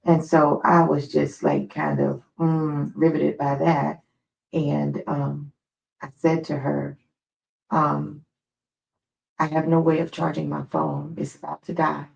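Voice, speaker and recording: A woman's voice: sits low, slow, vocal fry, lo-fi sound. A woman from the United States hosting a live stream, telling chatty, digressive stories in a casual way. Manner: chatty, digressive, animated storyteller.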